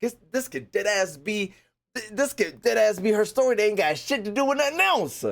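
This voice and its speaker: A man reacting to a game trailer in loose, rambling commentary, swearing freely and getting worked up. His voice sits fairly high and jumps around a lot in pitch. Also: moderate pace, vocal fry. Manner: profane, excitable, rambling.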